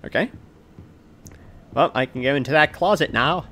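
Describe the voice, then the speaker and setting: A gaming video creator records let's play commentary, rambling as he plays and playfully talking to himself. His voice is fairly high, pushed and bright, at a normal speed.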